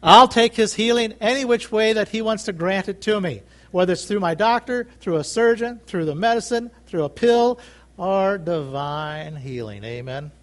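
A man's voice: high voice, normal speed. A man preaching a sermon, emphatic and repetitive, calling out for amens from the congregation. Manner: emphatic, repeats phrases, calls for amens.

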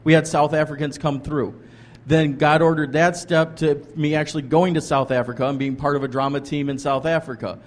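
His voice runs a little high and a little fast, with fairly even intonation. As a guest, this pastor and ministry leader tells his ministry story conversationally, earnest and rambling, restarting often and leaning on "like."

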